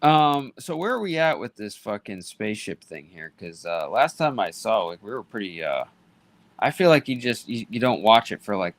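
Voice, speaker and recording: A man's voice: on the low side, very animated, moderate pace, no echo. A young man hosting a casual livestream chat, rambling, swearing often and getting easily irritated. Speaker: livestream host.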